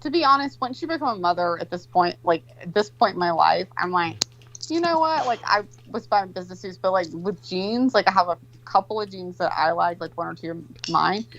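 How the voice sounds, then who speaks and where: A woman's voice: fairly low pitch, fairly quick, few pauses, fairly bright tone, muffled recording, a little hiss or hum. Profane rambling storyteller woman. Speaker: co-host telling a story. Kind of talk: casual chat.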